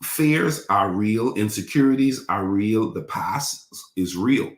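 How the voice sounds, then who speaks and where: Low-voiced preacher in a roomy church. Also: male voice, animated, slow. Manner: repetitive, call-and-response preaching. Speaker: pastor. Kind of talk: sermon.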